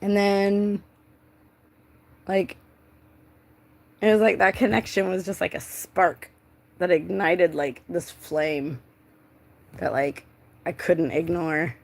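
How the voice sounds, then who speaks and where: A woman's voice: fairly low pitch, fairly even intonation, slow pace, creaky, pauses often. A young woman telling a personal story in a casual, rambling way, full of filler words and swearing.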